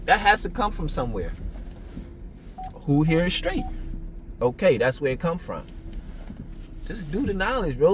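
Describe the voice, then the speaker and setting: A man's voice: fairly high pitch, fairly bright tone, a little hiss or hum. A man, talking in a casual, blunt, profane monologue full of street slang. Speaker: podcast host.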